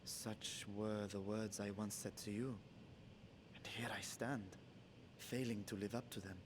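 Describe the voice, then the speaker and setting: A man's voice: fairly low pitch, steady tone, noisy background, close to an everyday voice. A man voicing a grave dragon ruler in human guise. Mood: troubled. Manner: measured, grave, formal. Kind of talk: game cutscene voice acting. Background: game music.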